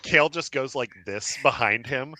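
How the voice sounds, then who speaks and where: A man's voice: mid-range voice, moderate pace, noisy background. A man narrating a tabletop game as game master, rambling with many fillers and frequent laughs.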